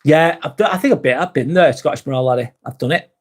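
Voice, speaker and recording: A man's voice: on the high side, quick pace. A man hosting a live vlog, answering chat in a rambling, frank way, swearing often and restarting sentences. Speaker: host.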